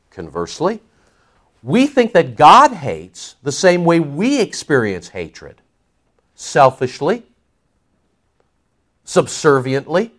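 Animated conversational male preacher. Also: on the high side. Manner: emphatic, conversational, with frequent "okay?" and "see?" asides. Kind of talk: sermon.

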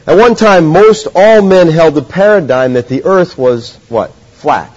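A man's voice: a little high, measured pace, a little mellow. Earnest preacher man, lo-fi recording. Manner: earnest, teacherly, asks the audience questions. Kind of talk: sermon. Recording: dull lo-fi sound.

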